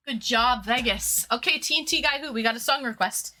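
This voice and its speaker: A Canadian woman streaming live, chatting casually and excitedly thanking her viewers. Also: fairly high pitch, a little fast, few pauses, faint music behind.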